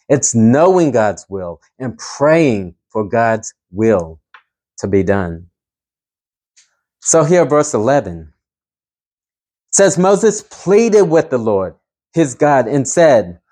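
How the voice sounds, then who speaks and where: A man's voice: mid-range voice, mellow. A man preaching a sermon, earnest and emphatic, pushing his voice up to stress key points.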